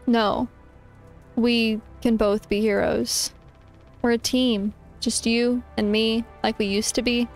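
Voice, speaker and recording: A woman's voice: on the high side, little pitch movement, slow, soft background music, voice pushed down. A woman reading as a remorseful game character. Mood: pleading. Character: remorseful game character begging a partner's forgiveness. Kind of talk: reading game dialogue aloud.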